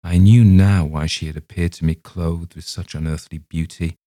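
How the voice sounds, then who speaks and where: Deep-voiced man narrating a ghost story. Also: moderate pace, no echo, studio quality. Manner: steady, literary first-person narration. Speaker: audiobook narrator. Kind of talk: reading a Victorian ghost story.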